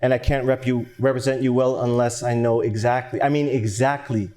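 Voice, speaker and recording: A patient defense lawyer coaxes the details out of his client, as an actor plays him. His mid-range voice stays calm and steady as he presses for specifics. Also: medium pitch, brisk, lightly acted. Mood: probing. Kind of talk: stage play acting.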